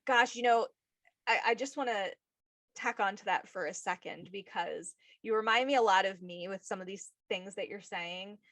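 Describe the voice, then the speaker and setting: A woman's voice: mid-range voice, normal speed, fairly bright tone, dry recording. Woman podcast host, effusive and emotional, dry close sound. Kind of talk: casual interview chat.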